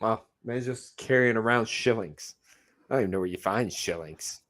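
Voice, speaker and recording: A man's voice: on the low side, moderate pace, fairly bright tone. A man hosting a casual film watch-along, joking wryly and laughing often. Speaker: host.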